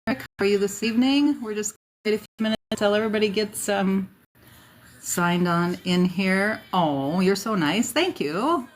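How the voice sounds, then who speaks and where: A woman's voice: medium pitch, animated, moderate pace, a little hiss or hum. A woman from South Dakota hosting a casual livestream, greeting viewers by name and chatting with fillers and asides, a bit tired at the end of the day. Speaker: livestream host. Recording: faint music behind.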